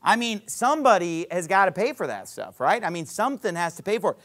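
Middle-aged male pastor, high-pitched preaching delivery, punchy rhetorical questions. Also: very animated, fast, fairly bright tone. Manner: preaching with emphatic rises and drops, rhetorical questions. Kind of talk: sermon. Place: church auditorium.

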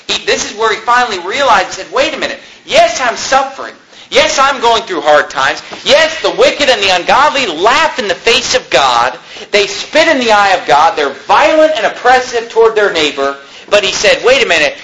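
A man preaching a sermon, reading scripture in a slow, solemn tone and then retelling it in everyday words. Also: high voice, sing-song, pushed and bright, low-quality recording.

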